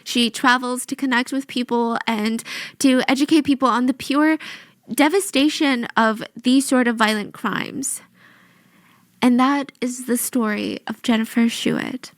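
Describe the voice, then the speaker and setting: A woman's voice: on the high side, fairly even intonation, a little slow, dry recording. A woman narrating a true crime story close to the mic, with chatty asides and emotion showing through.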